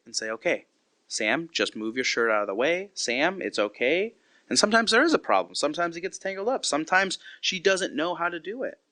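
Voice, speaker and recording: A man's voice: fairly high pitch, pushed and bright, no echo. A man in his thirties giving an earnest, conversational Bible devotional as a podcast host, acting out quotes as he goes.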